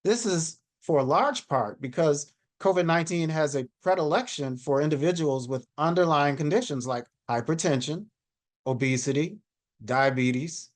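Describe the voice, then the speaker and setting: A man in his sixties giving a measured slide presentation on a video call. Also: a little high. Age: 60s. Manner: measured, reads statistics from slides. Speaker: panel speaker.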